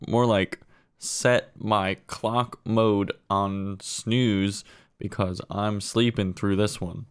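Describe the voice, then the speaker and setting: A man doing a comedy monologue of pun roasts in a deadpan way, dropping lower and quieter for each punchline. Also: drawn-out words, smooth.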